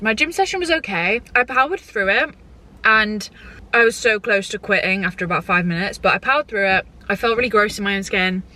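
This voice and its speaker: Her mid-range voice has a sharp edge, and the audio carries a faint hiss or hum. She's a young British vlogger chatting loosely to her camera, dropping "like" and "genuinely" frequently.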